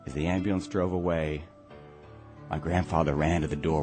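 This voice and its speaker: A man telling a comic family story in a theatrical way, swinging from loud to hushed. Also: very deep voice, steady tone, normal speed, over music.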